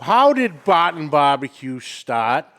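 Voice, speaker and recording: A man from New England hosting a barbecue podcast with jokey, energetic banter. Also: a little high, slow. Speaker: podcast host.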